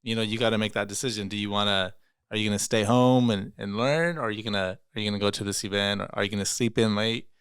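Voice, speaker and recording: A man's voice: on the low side, fast, fairly bright tone, clean tone, dry recording, clean studio sound. A man who teaches photography, a podcast guest, giving advice in casual talk and repeating his points for emphasis. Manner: repetitive, emphatic.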